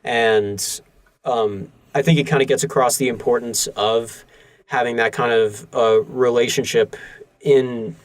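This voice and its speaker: A man in a mid-range voice, recorded dry and close, who weighs his points with pauses and fillers. He is a podcast co-host musing about themes in a film. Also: mid-range voice, steady tone, no room sound. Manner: thoughtful, measured, many fillers. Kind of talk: casual film discussion.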